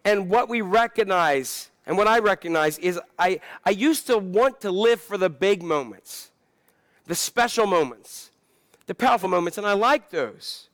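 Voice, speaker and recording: A man's voice: sits high, animated, unhurried, a bit bright, no room sound, clean studio sound. A man preaching a sermon, talking in a conversational, self-deprecating way that builds to impassioned emphasis. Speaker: pastor.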